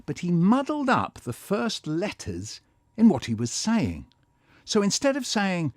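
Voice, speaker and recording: Male storyteller, playful, slow and very expressive. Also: high voice. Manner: animated, playful, full of sound effects and funny voices. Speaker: children's poet and storyteller. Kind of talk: expressive children's story reading.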